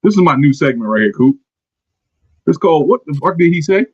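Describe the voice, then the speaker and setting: Husky animated podcast host. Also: male voice, on the high side, brisk, no room sound, lo-fi sound. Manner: animated, laughs often, mimics quotes. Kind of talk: casual chat.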